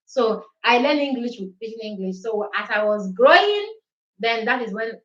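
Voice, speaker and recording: A woman's voice: fairly high pitch, expressive, normal speed, a bit bright, echoey room, highs cut off. Nigerian woman hosting a casual live chat. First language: Igbo. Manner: chatty, switching between English, Pidgin and Italian.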